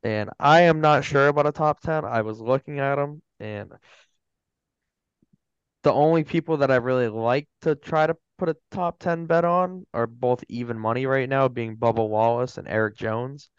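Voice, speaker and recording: Smooth-voiced matter-of-fact man. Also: mid-range voice, moderate pace, no echo. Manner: matter-of-fact, listing picks. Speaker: podcast co-host. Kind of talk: casual sports betting chat. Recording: dry, slightly dull mic.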